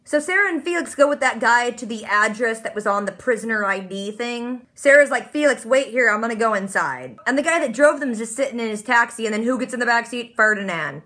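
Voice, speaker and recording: A woman hosting a casual TV episode recap, animated and bubbly, quoting characters with "like". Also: a little high, a little fast, few pauses.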